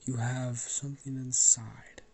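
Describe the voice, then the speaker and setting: A man with a cold voicing a gruff but kindly older man in a spoken story, half whispering. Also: medium pitch, little pitch movement, unhurried, darkish tone. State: has a cold.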